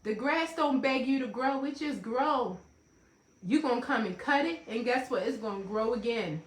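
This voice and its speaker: A woman's voice: on the high side, normal speed, roomy sound. A woman giving a motivational self-help talk, emphatic and repetitive, breaking into playful asides. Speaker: life coach hosting a self-help talk.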